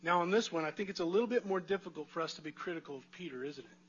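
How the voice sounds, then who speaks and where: A man delivers a sermon in a chatty, conversational way, often turning to the congregation with rhetorical questions. His voice sits high and sounds bright and forward. The recording is a little muffled and lo-fi. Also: very fast, breathy edge. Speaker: pastor.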